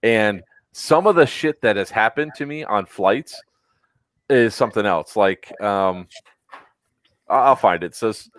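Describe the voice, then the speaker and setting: A man's voice: fairly low pitch, expressive, unhurried, a bit bright, no room sound. A man hosting a casual podcast, telling a long story with plenty of swearing and acting out other people's lines. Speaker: podcast host.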